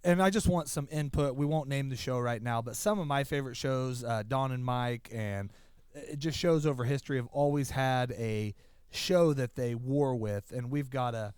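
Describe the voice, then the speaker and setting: Man, podcast co-host, casual chatty talk, smooth clear voice, dry close mic. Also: medium pitch, normal speed, darkish tone, dry recording. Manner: chatty, reads the sponsor thanks. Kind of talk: casual chat.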